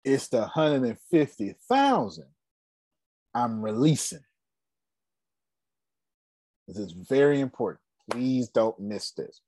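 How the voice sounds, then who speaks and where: Hosting a casual business talk, a man in his forties tells stories with emphatic repetition and laughs often. His warm, mid-range voice swings widely in pitch, moves slowly with frequent pauses, and is recorded dry.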